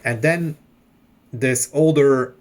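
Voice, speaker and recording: Speaking slowly at a medium pitch, this man in his thirties rambles through a lengthy personal tale for his vlog. It's casual storytelling, thick with swearing and repeated "like."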